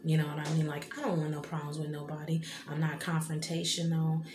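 A woman's voice: sits low, steady tone, brisk, crowd noise. A woman in her thirties talking casually and tearfully to her viewers, rambling with many fillers. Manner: rambling, many fillers and "you know what I mean". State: tearful, emotional. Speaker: vlogger. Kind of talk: casual heartfelt vlog talk. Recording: echoey room with background noise.

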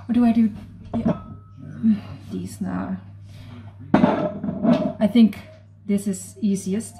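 Slow-talking Dutch woman cooking vlogger. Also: mid-range voice, fairly even intonation, creaky, very noisy. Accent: Dutch, with American-leaning English. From Netherlands. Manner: chatty and apologetic, talks straight to viewers. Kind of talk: casual cooking vlog, reading recipe steps aloud.

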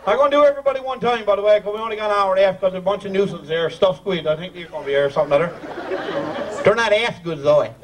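A man's voice: sits high, racing. Man, Newfoundland accent, joking emcee, broad dialect, distant mic, faint crowd and noise. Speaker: master of ceremonies. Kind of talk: live comic emcee patter. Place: live community celebration.

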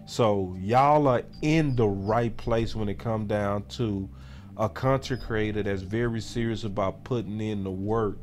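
A man's voice: fairly low pitch, darkish tone. A man hosting a casual livestream sports talk show, talking in a loose, rambling way with lots of fillers.

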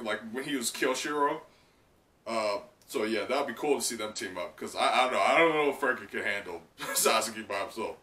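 Young male reaction host, excitable, bright and lively, roomy off-mic sound. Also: medium pitch, recorded from a distance. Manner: excitable, many fillers and laughs. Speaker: manga reaction channel host. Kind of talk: live reaction and recap.

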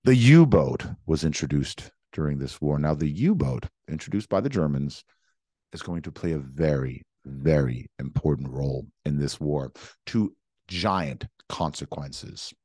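A man's voice: extremely low pitch, lively intonation, unhurried, dark tone, husky, dry recording, clean studio sound. A young man giving an emphatic history lecture, repeating words and speaking for both sides in first person. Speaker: history teacher.

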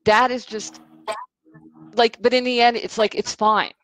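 A woman author answering questions in a casual interview over a video call, telling stories in a chatty, animated way with lots of fillers. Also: on the high side, unhurried, no room sound, rough recording. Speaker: author guest.

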